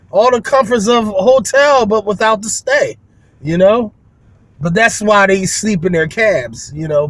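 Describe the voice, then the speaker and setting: A man's voice: sits high, no echo. A man who runs a window cleaning business, talking to viewers in a rambling, folksy vlog, full of fillers and restarts. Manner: folksy, addresses viewers as y'all. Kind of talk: casual vlog monologue.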